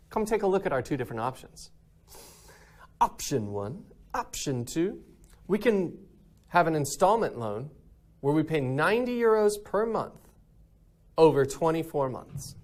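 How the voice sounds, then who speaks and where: Upbeat guy teaching math, kinda high voice, goes up and down a lot, keeps asking right?. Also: darkish tone. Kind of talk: recorded math lesson.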